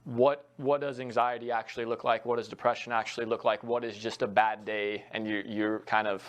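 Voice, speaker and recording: A young male soccer coach answering interview questions in an earnest, reflective way. His voice sits low and stays fairly flat. He leans on frequent fillers as he works through his thoughts. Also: a little fast. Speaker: college soccer head coach.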